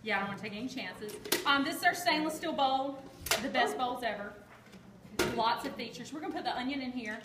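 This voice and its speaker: A woman's voice: high voice, brisk. A woman giving a chatty, joking live cooking demonstration and quizzing her audience. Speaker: kitchen product demonstrator. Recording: echoey room with background noise.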